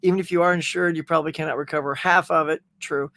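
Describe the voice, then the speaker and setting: A middle-aged man hosting a casual livestream chat, telling animated stories and reading out viewer comments. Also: on the high side, fast, vocal fry, no room sound. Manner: animated storytelling, acting out quotes. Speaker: livestream host.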